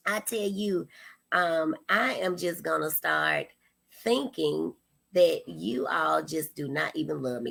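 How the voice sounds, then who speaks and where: A woman's voice: on the low side, measured pace, vocal fry, sharp tone. A woman in her thirties hosting a casual livestream, chatting playfully and talking straight to her viewers. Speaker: host.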